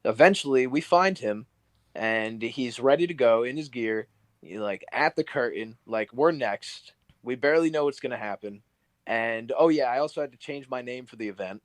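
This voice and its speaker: A man's voice: medium pitch, normal speed, dry recording, poor audio. A young man, a professional wrestler guesting on a podcast, telling stories in a casual, rambling way full of fillers. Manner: rambling, filler-heavy storytelling. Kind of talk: casual storytelling interview.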